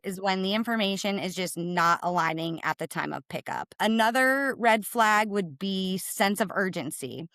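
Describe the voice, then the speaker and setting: A woman explaining to a podcast host, brisk and emphatic, often tagging points with "right?". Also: medium pitch, a bit bright, clear, resonant tone, no echo. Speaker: cargo claims and risk manager, guest.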